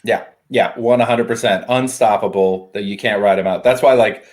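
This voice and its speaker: A man co-hosting a casual chat, relaxed and joking, swearing now and then. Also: lowish voice, normal speed. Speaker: podcast co-host.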